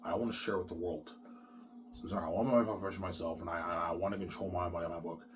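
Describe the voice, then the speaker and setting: Lowish-voiced man rambling to camera. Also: steady tone, fast, background noise. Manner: rambling, repetitive and profane, with frequent restarts. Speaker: vlogger. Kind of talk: rambling monologue to viewers.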